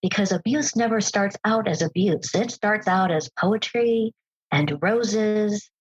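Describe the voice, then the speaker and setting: A woman speaking as a podcast guest, telling a personal story in an earnest, emphatic way and slowing down on key phrases. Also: medium pitch, breathy edge, muffled recording.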